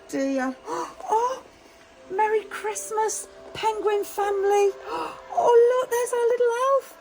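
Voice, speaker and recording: A very high, slow-spoken woman with a Manx English accent leads little ones on a festive tour, greeting each thing with gasps and sing-song exclamations. Music plays clearly behind her. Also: rough recording. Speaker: children's singing group leader. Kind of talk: cheerful tour for toddlers.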